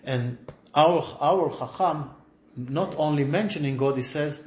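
A man teaching a lively classroom lesson, questioning his students and swinging between loud emphasis and soft asides. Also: a little high, measured pace, reverberant. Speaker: religious teacher.

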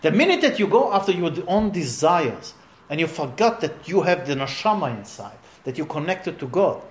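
Man teaching a torah class, high voice, swings widely in pitch, emphatic, echoey room. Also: normal speed. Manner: animated, emphatic, rhetorical questions.

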